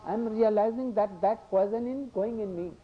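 An older man giving a devotional discourse, halting and repetitive, slipping into Hindi asides. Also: high voice. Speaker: religious speaker. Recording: dull lo-fi recording.

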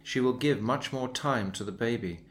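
A man's voice: medium pitch, normal speed, soft background music. Man reading a devotional story.

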